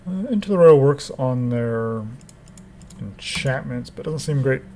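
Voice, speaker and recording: A man's voice: medium pitch, expressive, a little slow, warm tone, a little hiss or hum. A man giving casual commentary over his own gameplay, dry and wry in his asides to the opponent.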